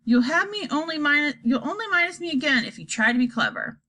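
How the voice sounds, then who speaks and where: Brief: woman voicing a cranky old grandmother, high and shrill, lively swings, scolding. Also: fast. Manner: shrill, crotchety.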